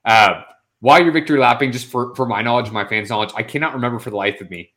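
A man co-hosting a sports podcast, relaxed and self-deprecating. He talks hesitantly and restarts his sentences often, in a voice of everyday middle pitch. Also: quick pace. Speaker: podcast co-host. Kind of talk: casual sports podcast chat.

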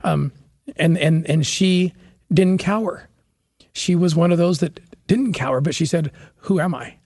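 A man's voice: fairly high pitch, a little slow, darkish tone. A man speaking as a podcast guest, telling a story in an earnest, passionate way with frequent restarts. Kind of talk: conversational interview storytelling.

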